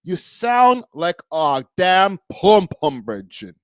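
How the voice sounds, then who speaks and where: A man's voice: high voice, big pitch swings, slow, clean tone, dry recording, studio quality. A young man from Canada, a streamer host giving a blunt, profane, slangy live-stream reaction.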